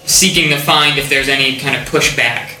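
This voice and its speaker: A man with a very bright, sharp tone explains his moves in a tabletop game in a flat, even way. He hesitates and fills gaps as he goes. His voice echoes in a roomy space with faint noise behind. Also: mid-range voice, normal speed. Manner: hesitant, full of fillers. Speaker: player. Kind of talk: casual tabletop play.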